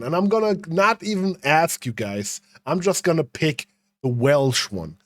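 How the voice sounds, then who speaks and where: A man's voice: fairly high pitch, very animated, slow, no room sound. A young man streaming a game, chatting casually with viewers, rambling and swearing freely. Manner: swearing, rambling, talking to chat. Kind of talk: casual livestream commentary.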